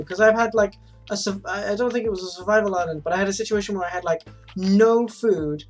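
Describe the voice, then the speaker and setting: A woman's voice: mid-range voice, fairly quick, soft background music. A woman streaming a game, chatting casually and rambling, swearing often as she goes. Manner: rambling, swears freely, frequent restarts. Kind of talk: casual chat while gaming.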